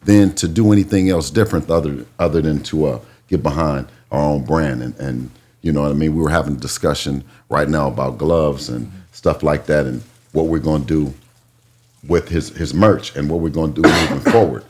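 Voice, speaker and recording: A man who trains a boxer, speaking in a casual podcast chat. His voice is extremely deep and husky. He talks earnestly, halting often on fillers. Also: a little mellow. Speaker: boxing trainer, guest.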